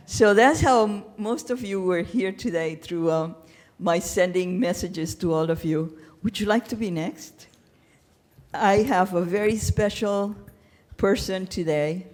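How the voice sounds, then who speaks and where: A woman hosting a poetry event at a library, thanking the people who helped and introducing the next reader, halting now and then with fillers. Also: fairly low pitch, darkish tone. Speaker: event organizer and host.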